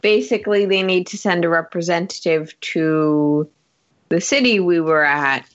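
A woman's voice: lowish voice, measured pace. A tired woman playing a tabletop game, recapping plans in a matter-of-fact way. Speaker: player. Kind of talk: casual tabletop chat. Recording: dull lo-fi recording.

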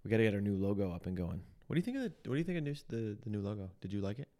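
Lowish-voiced playful male podcast host. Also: big pitch swings, rapid-fire, mellow. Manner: playful, jokey, trails off into restarts. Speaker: lead pastor and podcast host. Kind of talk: casual podcast chat with scripted intro.

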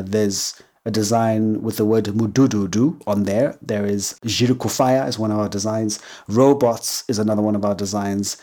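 A man from Zimbabwe with a Zimbabwean English accent, hosting a solo podcast in a chatty way and acting out quoted voices. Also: darkish tone. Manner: chatty, acts out quoted voices with big pitch jumps. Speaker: podcast host.

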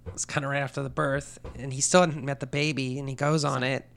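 A man with a gravelly, fry-heavy voice tells a story in loose, casual chat. He slips into the quoted lines and swears freely as he goes. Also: mid-range voice, flat delivery, quick pace, a bit bright. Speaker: podcast co-host telling a story.

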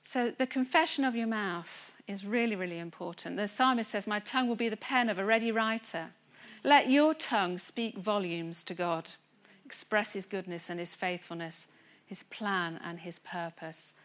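A woman preaching a sermon to a church congregation, earnest and building to excited emphasis. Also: medium pitch, normal speed, hardly any pauses. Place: church gathering room.

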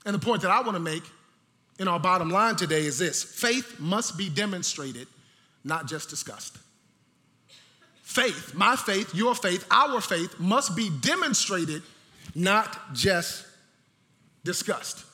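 A man's voice: high voice, pushed and bright. A man preaching a Sunday sermon as pastor, repeating key phrases for emphasis, with long reverb from a church hall.

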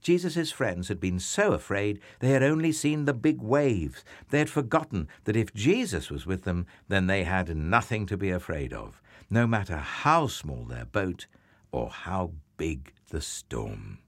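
A man reading a children's Bible story aloud with dramatic expression, dropping to hushed whispers and rising to loud cries. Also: deep voice, very animated, unhurried, dry recording.

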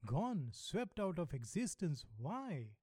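A man's voice: fairly high pitch, sing-song, takes it slowly, dark tone, slightly rough, no room sound, exaggerated voice. A man voicing a frightened, half-unhinged curate who talks in a plaintive, complaining way. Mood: panicked. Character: frightened, unhinged middle-aged male curate.

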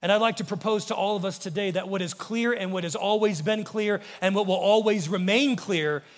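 High-voiced American pastor preaching in a reverberant hall. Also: male voice, fairly quick. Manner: earnest preaching, voice dropping low and soft on quoted words. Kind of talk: sermon. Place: church sanctuary.

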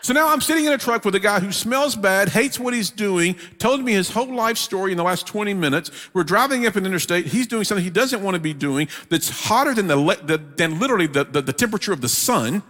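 Man, guest preacher, humorous storytelling sermon, somewhat high voice, long church-hall echo. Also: lively intonation, fast talker, hardly any pauses, fairly bright tone.

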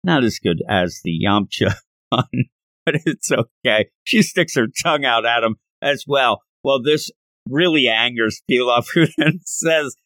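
A man hosting a podcast, chatting through a comic chapter in an amused, animated way. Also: medium pitch, measured pace, no room sound. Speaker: podcast host. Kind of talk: manga reading and commentary.

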